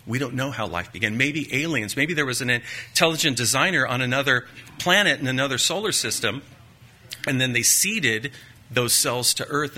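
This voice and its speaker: A man preaching with a sharp, forceful tone and a slightly husky edge. He teaches in a measured, emphatic sermon style, often asking the congregation rhetorical questions and dropping in folksy asides. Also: medium pitch. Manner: folksy asides and light joking.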